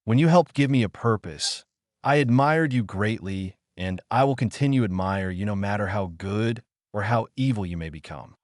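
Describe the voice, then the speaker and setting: A calm young sand fighter who speaks in a level monotone, read by a man. The voice stays low and even in a dry, close storybook reading. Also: moderate pace, dry recording, natural voice. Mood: earnest.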